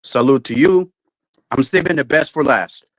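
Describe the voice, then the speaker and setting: This livestreamer talks at a normal speed in a medium-pitched voice, annoyed and cursing nonstop as he rants, restarts, and gets louder when angry. It's casual chat, captured dry and in poor quality.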